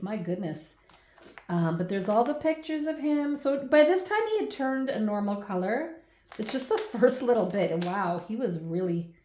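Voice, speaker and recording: A woman in her forties, the host of a scrapbooking channel, chatting through a baby album at home with laughs and animated asides. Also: mid-range voice, roomy sound. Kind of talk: casual chatty album walkthrough.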